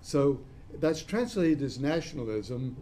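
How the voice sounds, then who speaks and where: Mellow-voiced man giving a discursive lecture. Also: medium pitch, animated, unhurried. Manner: discursive, spells out terms letter by letter. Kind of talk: classroom lecture.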